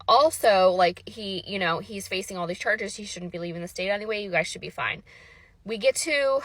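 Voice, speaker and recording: A woman's voice: medium pitch, pushed and bright, no room sound. A woman in her thirties telling her own story in a casual, emotional way, acting out what others said and often saying "like". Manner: fast, emotional retelling with lots of quoted dialogue and "like" fillers.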